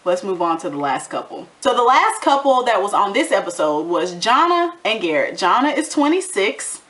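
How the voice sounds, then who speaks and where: A woman's voice: mid-range voice, normal speed. A woman giving a casual, sassy recap of a reality TV episode, acting out bits of what people said. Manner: animated, sassy commentary with acted-out quotes. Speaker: TV recap vlogger.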